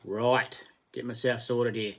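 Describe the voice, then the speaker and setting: A man's voice: medium pitch, little pitch movement, slow. A middle-aged man with a New Zealand accent, hosting a casual livestream chat, greeting and thanking viewers by name and laughing often. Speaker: livestream host.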